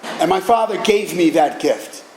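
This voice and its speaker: A middle-aged man giving an animated personal talk at a recovery meeting, telling stories with casual profanity. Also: high voice, unhurried, vocal fry, slight background noise. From Boston area, USA. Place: meeting hall. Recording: echoey hall with faint ambience.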